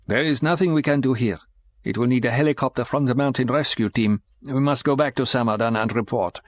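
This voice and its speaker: A man reading an audiobook, voicing a formal foreign male official who speaks halting English. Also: medium pitch, no echo, close to an everyday voice.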